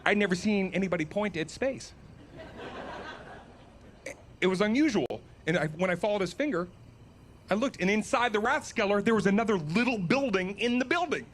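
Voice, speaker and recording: A man's voice: high-pitched, lively intonation, moderate pace, long pauses, a bit bright, slight background noise. A man telling a comic story as a solo podcast host, self-mocking and laughing at his own tale. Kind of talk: comedic storytelling.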